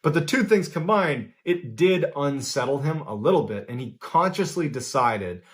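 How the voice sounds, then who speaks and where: A man's voice: a little high, expressive, moderate pace. A man telling a true creepy story in a loose, conversational way, full of small fillers. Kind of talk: casual spoken storytelling.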